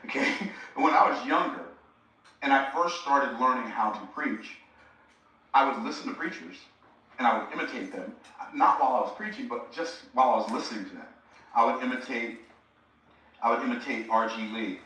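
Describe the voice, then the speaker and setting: A man's voice: medium pitch, normal speed, bright, forceful tone. A man, giving a live teaching talk as a preacher and speaking coach, talking conversationally and addressing the audience directly. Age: 60s. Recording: roomy, distant mic.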